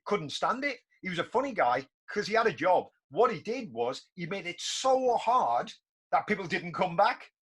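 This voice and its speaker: Speaking at a moderate pace, a North East English man in his fifties hosts a casual interview podcast with a high, very animated voice that's a bit bright and slightly rough. He's a chatty storyteller who often says things twice.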